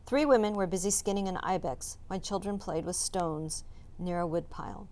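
Calm woman reading a chapter book. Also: on the low side, moderate pace. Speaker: teacher reading aloud. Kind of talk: storybook read-aloud narration.

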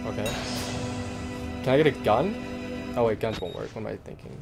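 A man's voice: lowish voice, normal speed, creaky. A young man doing casual commentary over a horror game, jumpy and swearing, with frightened yelps. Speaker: gaming YouTuber. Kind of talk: horror let's-play commentary. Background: game music.

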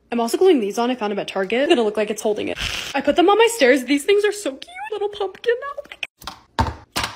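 A young woman in her twenties with a high voice and a lively, swooping delivery, talking fast as she narrates her own vlog. She sounds bubbly and excitable. A faint hiss of noise sits under the voice. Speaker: lifestyle creator.

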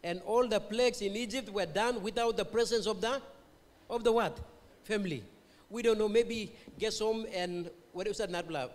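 High-voiced Papua New Guinean preacher, echoing hall. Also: male voice, normal speed. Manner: mixes English and Tok Pisin, quizzes the congregation. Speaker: pastor. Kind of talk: revival sermon. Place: church hall. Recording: long church-hall reverb.

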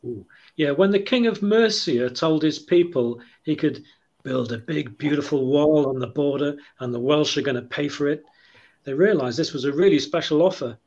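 A man on a comedy panel telling a pun joke with a wry, quiet delivery over dull lo-fi call audio. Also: fairly high pitch, moderate pace.

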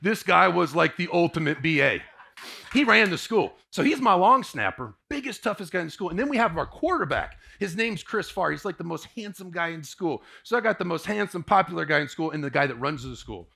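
A man in his forties from Indiana telling a personal testimony to a live audience, swinging from hushed to booming as he tells it. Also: sing-song, a little fast, vocal fry. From Indiana, USA. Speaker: motivational speaker.

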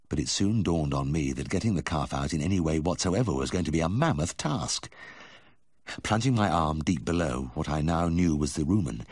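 A man reading a memoir aloud as audiobook narration, telling the story in a measured first-person voice. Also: extremely low pitch, husky, no echo, studio quality. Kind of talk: scripted narration.

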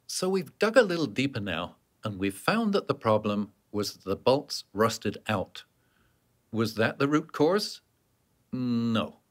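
A fairly low-pitched male narrator walks through a workplace safety training course from a script, going step by step and answering his own questions along the way.

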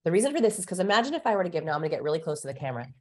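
Low-voiced woman explaining with energy. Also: very fast. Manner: animated, teacherly, shifts pace for emphasis. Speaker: guest expert on communication. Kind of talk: explanatory interview talk.

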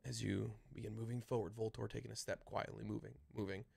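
A man narrating a tabletop game as dungeon master, describing scenes in a halting way with many fillers. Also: on the low side, flat delivery, gravelly, mellow, breathy edge.

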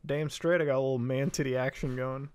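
A young man chatting casually on a livestream, swearing a lot, getting excited and laughing often. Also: mid-range voice, fast talker, clear, resonant tone. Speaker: streamer.

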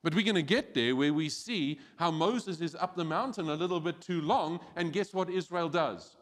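A man preaching a sermon as pastor, animated and acting out quoted voices. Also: a little high, moderate pace. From South Africa. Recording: church hall with long reverb.

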